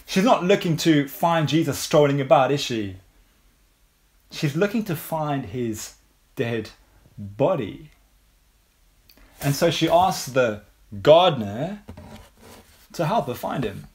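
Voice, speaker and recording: Slow, measured English preacher man. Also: on the high side, lively intonation. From England. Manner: measured, unhurried preaching with frequent rhetorical questions. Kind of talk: sermon.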